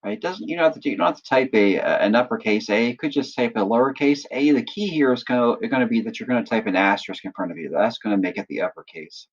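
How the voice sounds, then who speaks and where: A man acting as instructor, patiently walking through a software tutorial and often checking in with listeners. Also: mid-range voice, fast talker, few pauses, highs cut off. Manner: patient step-by-step explaining, often checks in with "right?". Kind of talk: screen-recorded software tutorial.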